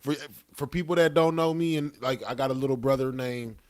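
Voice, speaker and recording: A young man tells a story in relaxed podcast chat. His voice sits in an ordinary middle range. He talks loosely and profanely, and keeps tossing in "you know what I'm saying.". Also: mid-range voice, a little fast. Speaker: podcast guest. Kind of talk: casual storytelling.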